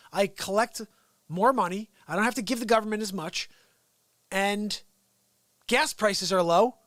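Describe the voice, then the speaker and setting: Man, livestream host, high lively voice, sarcastic rant, dry close sound. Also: no echo. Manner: animated, ranting, sarcastic. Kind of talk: unscripted political rant. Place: home.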